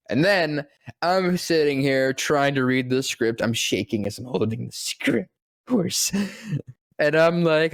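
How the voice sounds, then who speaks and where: A voice actor telling a breathless, profane, self-mocking story on a podcast. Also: male voice, mid-range voice, animated, measured pace, no room sound, studio quality. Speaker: voice actor and guest. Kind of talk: excited anecdote telling.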